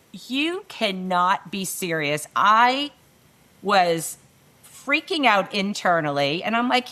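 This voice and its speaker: A middle-aged woman and panel guest who tells work stories in an animated way and acts out the dialogue. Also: medium pitch, slow. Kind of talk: panel conversation, storytelling.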